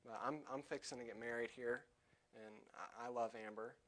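A young lay preacher delivers a sermon in church, his medium-pitched voice holding a steady tone. He gets loud when quoting scripture and turns quieter and halting during his personal asides.

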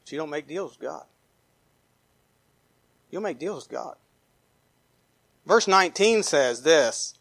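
A man pastor preaching a sermon, reading scripture aloud, with emphatic rises and quiet trailing drops. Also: a little high, expressive, slow pace, gravelly, pauses often, no echo. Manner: reads scripture aloud, with fillers and restarts.

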